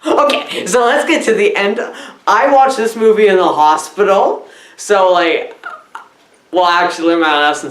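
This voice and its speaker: A woman giving a rambling comic film review, loud and scattered, jumping between silly asides and squealed quotes. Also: medium pitch, moderate pace, reverberant. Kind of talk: rambling deadpan comedy review.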